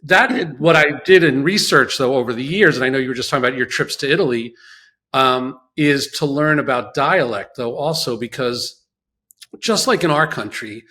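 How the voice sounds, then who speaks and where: A man's voice: mid-range voice, moderate pace. A man from the New York area, a chef guest telling stories in a casual chat and acting out quotes. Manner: storytelling, animated, acts out quotes.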